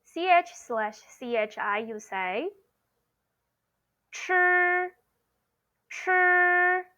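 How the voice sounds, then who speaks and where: A woman's voice: fairly high pitch, animated, slow, no echo. A woman teaching pronunciation online, explaining patiently and repeating sounds for learners to copy, saying "okay" often. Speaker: Mandarin teacher. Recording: dull lo-fi sound.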